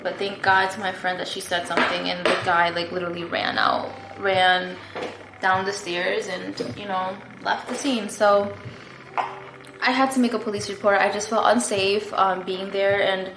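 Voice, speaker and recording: A young woman chatting casually to her camera, rambling through a story with plenty of "like" and "um". Her voice sits at an ordinary middle pitch. The room is echoey, with a faint hum of ambience behind her. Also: flat delivery, moderate pace. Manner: chatty, rambling, lots of fillers and "like". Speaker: vlogger. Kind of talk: casual story-time chat.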